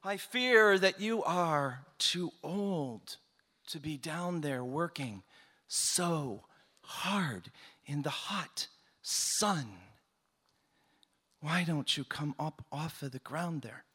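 A man voicing a stately king who speaks in a formal, measured and grave manner. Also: a little high, animated, sharp tone, breathy edge, big-room sound, heavily acted. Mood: concerned. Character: stately, concerned male king.

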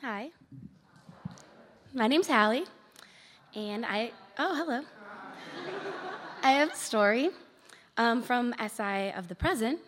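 A woman's voice: on the high side, animated, takes it slowly, long pauses, a bit bright. A young woman tells a short personal story to an audience in a wry, laughing way. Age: young adult. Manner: wry, laughing between lines. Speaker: storyteller at a community gathering. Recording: hall reverb with faint noise.

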